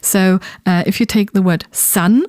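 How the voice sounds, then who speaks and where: A woman's voice: medium pitch, unhurried, a little mellow, no room sound, clean studio sound. German-born woman explaining on a podcast. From southern Germany. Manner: thoughtful, explanatory, with ums and repeated words. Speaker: podcast co-host. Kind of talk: casual conversational podcast talk.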